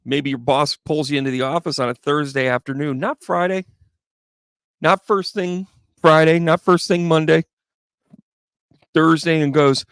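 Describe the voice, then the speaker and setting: This man's slightly high, smooth voice holds a steady, fairly bright tone, moving a little slowly with frequent pauses, in studio quality with no echo. As a psychic medium and tarot reader running a live stream, he jokes around with viewers and wanders into playful tangents.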